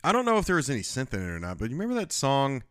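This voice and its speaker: A man co-hosting a music podcast in casual chat, speaking haltingly and repeating words on a podcast mic. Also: mid-range voice, huge pitch swings, a bit bright, clear, resonant tone, dry recording, studio quality. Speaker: podcast co-host. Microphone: podcast microphone.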